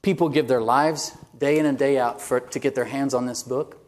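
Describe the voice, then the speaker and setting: A man's voice: medium pitch, fairly even intonation, moderate pace, darkish tone. A male pastor delivering a sermon, telling a story in a conversational way and reading quoted passages aloud.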